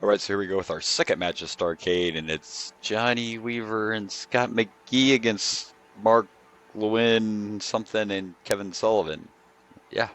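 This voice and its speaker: A man co-hosting a podcast that reviews wrestling, talking in a relaxed, rambling way with frequent chuckles. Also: fairly low pitch, unhurried. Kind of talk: casual chat.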